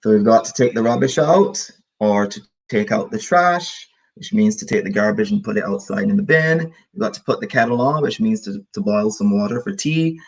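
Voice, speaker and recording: A man from the Caribbean teaching an online English lesson, lively and encouraging, repeating key phrases for his student. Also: on the low side, normal speed, slightly rough.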